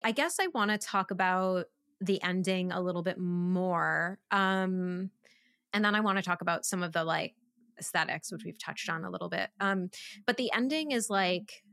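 A woman co-hosts a relaxed podcast chat about a film, her talk full of "like" and "um" as she restarts her sentences. The sound is dry and close. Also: fairly low pitch, dry recording. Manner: chatty, many fillers and restarts. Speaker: podcast co-host. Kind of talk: casual film discussion.

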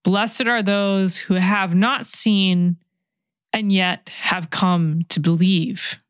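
A woman preaches at an unhurried, measured pace, repeating her key lines for weight. She sinks to a hushed whisper when she quotes scripture, and the recording is close and dry, with no room sound. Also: mid-range voice, steady tone, dry recording. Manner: slow, reflective, repeats key phrases; drops to a soft whisper when quoting scripture. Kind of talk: sermon.

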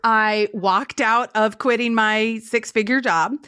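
Speaking from her home studio, a woman guest on a podcast interview tells stories in a lively way, acting out the voices of the people she quotes. Her voice is a little high, slow, and smooth.

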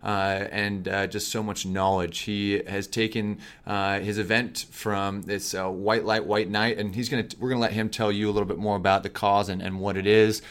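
Low-voiced enthusiastic podcast co-host. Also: male voice, little pitch movement, normal speed, hardly any pauses, fairly bright tone. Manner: enthusiastic, filler-heavy. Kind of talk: casual podcast intro.

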